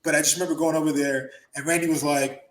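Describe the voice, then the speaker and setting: A man hosting a casual podcast chat, an animated storyteller who swears freely and laughs often. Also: a little high, quick pace, roomy sound, slight background noise. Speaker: podcast host, former wrestler.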